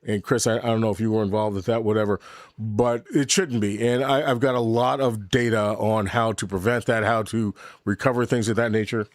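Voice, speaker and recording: Rambling middle-aged man, lowish dry voice. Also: steady tone, a little fast, no echo. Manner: rambling, candid, swears freely; reads and answers live chat. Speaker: podcast host. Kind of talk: casual livestream chat. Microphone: desk mic with camera.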